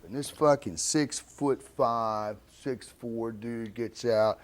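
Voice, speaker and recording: A man's voice: medium pitch, takes it slowly. A man being interviewed, telling a story about his past bluntly, swearing constantly, and acting out the lines of the people in it. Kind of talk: profane storytelling anecdote.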